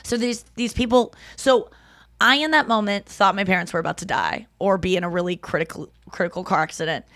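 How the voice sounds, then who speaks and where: A woman hosting a podcast, telling an emotional story in casual chat, acting out quotes loudly and swearing freely. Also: mid-range voice, a little fast, dry recording, clean studio sound. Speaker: podcast host.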